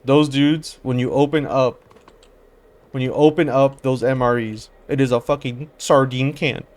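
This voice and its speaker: A man's voice: medium pitch, fairly even intonation, a little slow, a little mellow. A man giving casual, rambling commentary while he plays a game, slangy and profane, jumping between stories and reactions. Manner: rambling, profane, slangy, calls listeners brother. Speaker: gamer and commentator.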